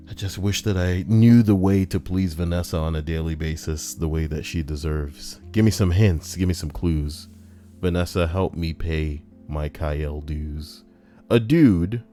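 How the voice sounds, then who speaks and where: A young man casually reading a list aloud on a live stream and chatting with viewers, animated and prone to ranting in put-on voices. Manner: animated, breaks into high-pitched put-on voices and rants. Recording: soft music underneath. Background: soft background music.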